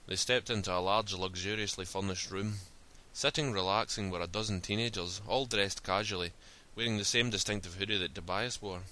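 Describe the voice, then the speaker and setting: A man reads a story aloud in a steady, plain style. His voice sits fairly low but comes across forceful and sharp-edged. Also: a little fast, few pauses. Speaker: narrator. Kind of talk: storybook reading.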